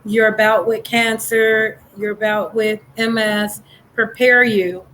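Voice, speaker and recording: A woman hosting a casual interview, affirming her guest and pausing to search for her words. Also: fairly high pitch, level tone, fairly bright tone, a little hiss or hum, low-quality recording. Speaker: talk show host.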